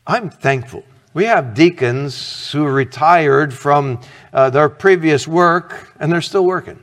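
Middle-aged male pastor, earnest conversational sermon, slow delivery, slightly high voice. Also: fairly bright tone, long reverb tail. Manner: earnest, conversational preaching with rhetorical questions.

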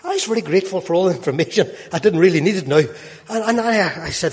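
A man's voice: sits high, big pitch swings, fast talker, darkish tone. A man in his sixties telling a personal testimony with folksy, self-mocking humour. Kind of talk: storytelling testimony. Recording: long hall reverb.

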